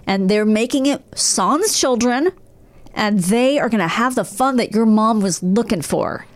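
A woman in a casual chat, reacting with quick laughs and theories. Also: a little high. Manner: lively reactions, frequent laughter.

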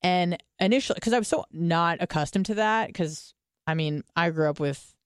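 Her voice is lowish and smooth at a normal speed as she co-hosts a podcast. She's a young American woman chatting casually, rambling, cursing, and using lots of fillers, captured in clean studio audio without room sound.

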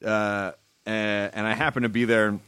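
A man's voice: lowish voice, flat delivery, normal speed, fairly bright tone, clear, resonant tone, dry recording, clean studio sound. A man hosting a podcast, teasing his guest in casual chat. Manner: playful, teasing interviewer. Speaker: podcast host.

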